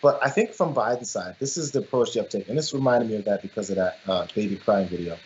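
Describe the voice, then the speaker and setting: A man's voice: fairly low pitch, fast, darkish tone, a little hiss or hum. A man co-hosting a political commentary show, talking emphatically and often restarting his phrases. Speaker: co-host. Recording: dull lo-fi sound.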